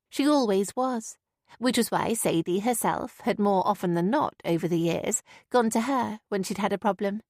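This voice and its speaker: A woman's voice: medium pitch, darkish tone, dry recording. Woman narrating an audiobook, dry and close. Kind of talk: scripted narration.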